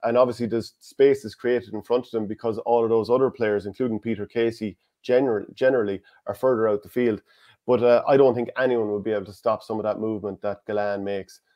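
A man's voice: lowish voice, steady tone, fairly quick, a little mellow. An Irish man co-hosting a podcast, talking through a game in long, detailed analytical runs. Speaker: co-host. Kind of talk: casual sports analysis chat.

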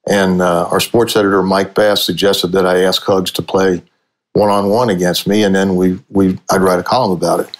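With a low-pitched voice at normal speed, a Cincinnati sportswriter in his sixties chuckles his way through casual stories as a guest. He's an animated, anecdotal storyteller from the USA.

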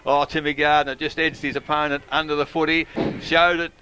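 An older Australian man giving local radio football commentary, hesitant with frequent fillers and quiet asides. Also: fairly high pitch, little pitch movement, brisk, a little hiss or hum, rough recording.

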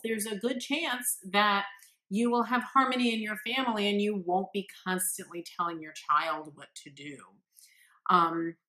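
A woman's voice: medium pitch, bright, forceful tone. A woman parenting coach giving earnest, encouraging advice straight to parents. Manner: acts out the quotes she gives. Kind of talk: direct-to-camera advice talk.

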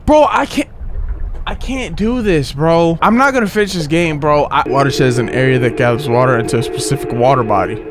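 A young man streaming a horror game, talking in slang, yelping and shouting whenever he gets scared. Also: on the high side, fairly quick, few pauses. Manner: excitable, yelps and shouts when scared, slangy. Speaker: gaming streamer. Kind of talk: horror game let's play commentary. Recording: game music playing behind.

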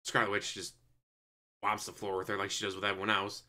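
Animated man recapping a movie, bright voice. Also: fairly low pitch. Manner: animated, acts out scenes in quick mock voices; swears casually. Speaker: movie reviewer. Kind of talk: casual movie review recap.

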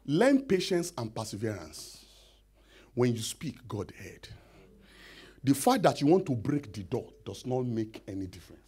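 Animated husky-voiced male preacher. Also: mid-range voice, moderate pace. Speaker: pastor. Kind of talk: sermon. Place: church hall.

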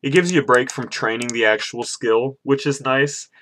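A man with a bright, edgy voice records himself playing a computer game in his room at home. He swears freely, rants and yells at the game when it goes wrong, then drops into relaxed, rambling chat with his viewers. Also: medium pitch, normal speed, slight background noise. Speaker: gaming channel host. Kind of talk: casual gameplay commentary.

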